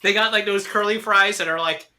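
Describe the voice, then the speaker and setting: A young American man co-hosting a casual podcast, rambling and swearing freely as he gets worked up. His voice is very bright and sharp, sitting a little high for a man. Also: fairly quick. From United States. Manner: profane, rambling, excitable. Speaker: podcast co-host. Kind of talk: casual chat.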